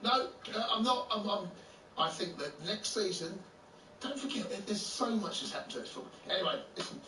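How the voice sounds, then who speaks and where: A man co-hosting a radio show, excitable and tripping over his words, recorded roomy and distant with music behind. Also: high-pitched, a little fast, a little hiss or hum. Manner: excitable, stammering restarts. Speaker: radio co-host. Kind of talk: casual studio banter.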